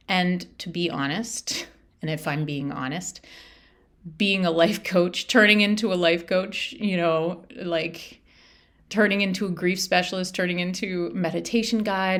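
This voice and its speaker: A middle-aged woman life coach hosts a reflective solo podcast, speaking earnestly and from the heart with lots of repetition. Her voice is lowish and fairly bright in tone.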